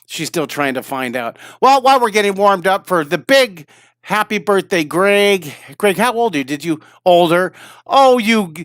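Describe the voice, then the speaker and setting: A man's voice: high-pitched, very animated, normal speed, a bit bright, no echo, clean studio sound. A man in his fifties, a drawing teacher on a live stream, chatting and rambling to his viewers, tired and a little wheezy. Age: 50s. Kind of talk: casual live-stream chat.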